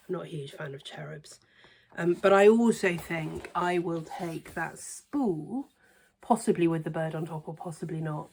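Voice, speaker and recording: A woman reviewing cross stitch books in a casual, hesitant way, trailing into quiet near-whispered asides. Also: sits low, vocal fry. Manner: chatty, hesitant with many ums, softens to near-whisper asides. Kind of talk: casual show-and-tell review.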